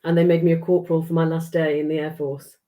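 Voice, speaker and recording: A woman's voice: low-pitched, flat delivery, fast, mellow. A middle-aged woman from England, chatting casually as a podcast guest, swearing freely and acting out the dialogue in her stories. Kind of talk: casual storytelling chat.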